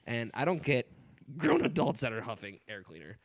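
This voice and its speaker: A man co-hosting a podcast in casual, profane chat, telling stories with lively put-on quotes. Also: medium pitch, normal speed, no echo. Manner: profane, animated storyteller who puts on quoted voices. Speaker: podcast co-host.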